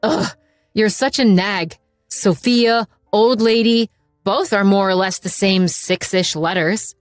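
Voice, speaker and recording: A woman's voice: medium pitch, slow, dry recording, studio quality, faint music behind, lightly acted. A woman reading the lines of a blunt, short-tempered middle-aged boyfriend who turns insulting when drunk and sheepish when apologizing. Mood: irritated.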